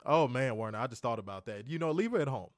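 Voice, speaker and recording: A man co-hosting a casual livestream, loud and joking. He swears freely, laughs often and swings from shouts down to mutters. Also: mid-range voice, expressive, fast, no echo, clean studio sound. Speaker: livestream co-host.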